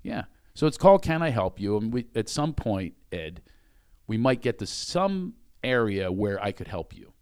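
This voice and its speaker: A man's voice: on the low side, very animated, normal speed, a little mellow, clear, resonant tone. A man hosting a podcast in his office, chatty and joking, laughing often. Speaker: podcast host. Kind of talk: casual chat.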